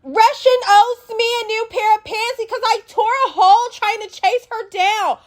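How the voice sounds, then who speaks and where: A woman mimicking a whiny woman who complains in a high voice. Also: normal speed. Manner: high whining. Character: whiny woman complaining about torn pants.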